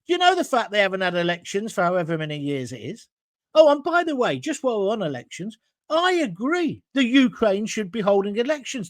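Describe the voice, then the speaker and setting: A blunt, combative middle-aged man hosting a talk show, his pitch swinging widely as he mocks and argues. The sound is dry and close, with no room echo. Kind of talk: opinionated commentary reading viewer comments.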